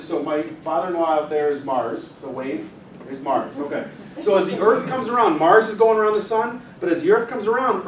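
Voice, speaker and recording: Chatty male teacher in an echoey room. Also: high voice. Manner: chatty, directs helpers, jokes with the audience. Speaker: physics teacher giving a club talk. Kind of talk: informal astronomy lecture with a live demonstration. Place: meeting room with an audience. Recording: echoey room, mic far off, faint noise.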